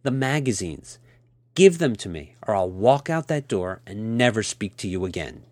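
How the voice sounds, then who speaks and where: A man's voice: fairly low pitch, big pitch swings, moderate pace, darkish tone, no room sound, clean studio sound. A man voicing a cool, stern and commanding woman as he reads a story aloud, giving clipped orders. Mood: cold.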